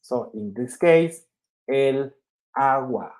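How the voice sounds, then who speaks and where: Slow, patient man teaching a language class. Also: medium pitch, lively intonation, darkish tone. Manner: patient, explains step by step with frequent checks like "okay?". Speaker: Spanish teacher.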